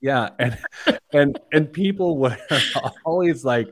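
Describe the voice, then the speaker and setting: A man's voice: fairly high pitch, animated, slow. A man from Indiana hosting a money podcast, talking in loose, jokey banter, rambling through stories and laughing at his own jokes. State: wired on caffeine. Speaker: podcast host, financial planner. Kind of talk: casual banter on a money show.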